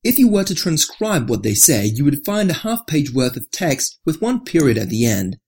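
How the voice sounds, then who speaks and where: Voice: big pitch swings, moderate pace, a little mellow, slightly rough. A narrator reading an article aloud in a scripted style, dropping the voice on each attribution. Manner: reads with marked rises and drops, lower for attributions.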